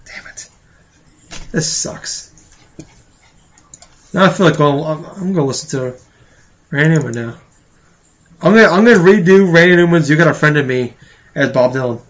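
A man's voice: a little high, expressive, moderate pace, pauses often. A man co-hosting a casual podcast, joking around and breaking into mock singing. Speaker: podcast co-host. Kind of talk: casual banter with joke singing.

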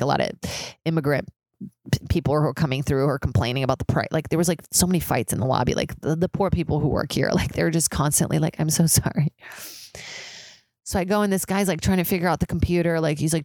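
In a high-rise apartment with street sirens outside, a young woman hosts a casual solo podcast, rambling, swearing and saying "like" a lot. Her voice is low, creaky and a little mellow, with no room sound.

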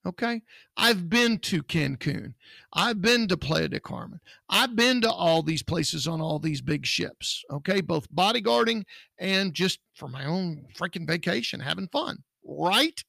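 A man's voice: high voice, lively intonation, measured pace, vocal fry, bright, forceful tone, no echo. A man from Texas co-hosting a podcast, talking bluntly and indignantly in casual chat. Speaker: podcast co-host, security business owner.

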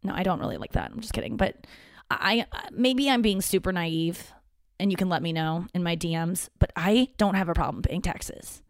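A woman's voice: lowish voice, expressive, normal speed, no echo. A woman hosting her own show, talking casually and candidly in a rambling monologue, swearing freely and often restarting her sentences. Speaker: podcast host.

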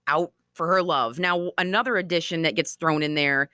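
A woman author being interviewed, telling stories in a chatty, animated way with frequent laughs. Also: deep voice, normal speed, dry recording, clean studio sound. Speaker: author and guest. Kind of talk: conversational storytelling interview.

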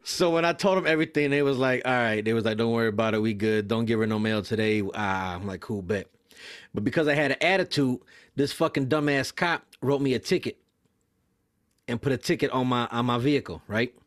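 This is casual podcast storytelling: a young man with a medium-pitched voice describes his mail carrier job with plenty of profanity and energy. He performs everyone else's lines in fast, distinct voices.

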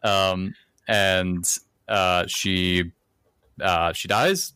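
A man's voice: deep voice, fairly even intonation, extremely slow, sharp tone, smooth, dry recording, studio quality. A man co-hosting a podcast, recapping a movie plot in a casual, rambling way with lots of fillers. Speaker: podcast co-host.

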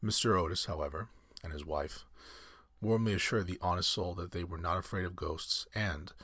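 A man reading a classic story aloud in measured, scripted narration. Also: low-pitched, pushed and bright, breathy edge, dry recording, studio quality.

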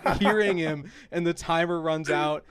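A man hosting a casual podcast chat, telling stories in an animated way and laughing often. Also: on the high side, moderate pace, clean tone. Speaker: podcast host.

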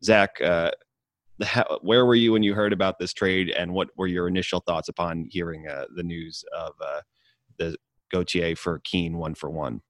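Deep-voiced, hesitant podcast guest. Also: male voice, fairly even intonation, dry recording. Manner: measured, hesitant questions with many fillers. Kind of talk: casual podcast interview.

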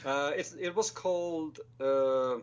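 A man's voice: on the high side, takes it slowly, clear, resonant tone, highs cut off. A man in his late twenties with a Swedish accent, a filmmaker guest speaking casually and self-deprecatingly, hesitating with many fillers. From Sweden. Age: 20s. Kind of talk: casual interview over a call.

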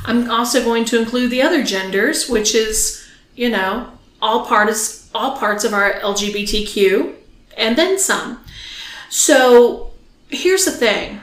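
Name: Laughing bawdy podcast hostess, roomy sound. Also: female voice, a little high, animated, takes it slowly, a bit bright. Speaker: podcast host. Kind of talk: casual bawdy podcast chat. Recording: roomy echo.

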